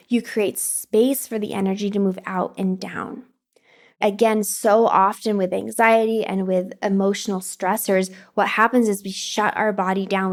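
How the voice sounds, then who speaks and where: Soothing woman guiding a calm practice. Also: mid-range voice. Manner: slow, soothing, breathy guidance with pauses. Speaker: podcast host and wellness coach. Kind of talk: guided practice, calm instruction.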